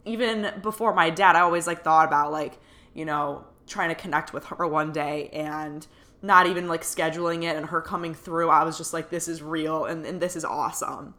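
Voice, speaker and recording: A woman's voice: low voice, steady tone, moderate pace, sharp tone. A young woman telling a personal story in a chatty way, full of fillers and laughing now and then, as a podcast host. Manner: chatty, full of "like" and "you know", laughs often.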